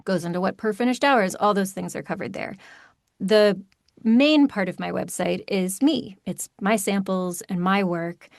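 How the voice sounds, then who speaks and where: A woman from Maryland with a plain American accent, an audiobook narrator talking through an interview in a chatty, animated way. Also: medium pitch, vocal fry, dry recording, clean studio sound. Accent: General American. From Maryland, USA. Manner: chatty, animated, quick asides. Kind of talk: casual interview chat.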